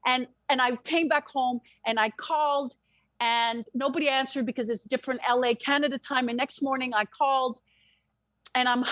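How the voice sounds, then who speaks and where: High-voiced woman telling a story in dull lo-fi sound. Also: normal speed, no echo. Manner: animated, swears freely, restarts sentences. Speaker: interview guest. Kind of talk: emotional personal storytelling.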